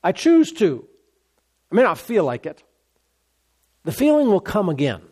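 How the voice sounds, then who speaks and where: A man's voice: high voice, wildly swooping pitch, measured pace, a little mellow, slightly rough. A male pastor preaching a sermon, repeating key words for emphasis and asking rhetorical questions.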